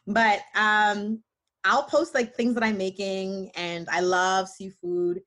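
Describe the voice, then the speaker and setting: Woman, podcast co-host, casual chat, animated, jokey, mock-dramatic. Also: mid-range voice, slow.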